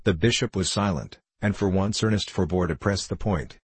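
Deep, husky male audiobook narrator. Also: dry recording. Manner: steady, measured reading.

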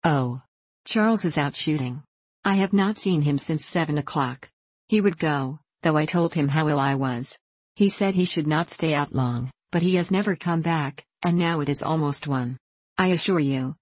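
A peevish young wife, as a woman reader puts her on complains plaintively in a storybook reading. Her voice sits low and is recorded close and dry. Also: moderate pace, no echo. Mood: complaining. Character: peevish self-pitying young married woman.

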